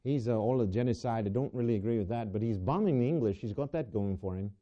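A man's voice: mid-range voice, quick pace, lightly acted. A male preacher voicing a rambling Irish man in a joke during his sermon, hesitant and wry. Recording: dull lo-fi recording.

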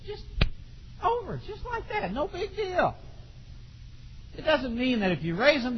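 A middle-aged man preaching a sermon in a folksy, animated way, with sudden shouts. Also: extremely high pitch, normal speed, pauses often, background noise. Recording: dull lo-fi recording in a long-reverb hall.

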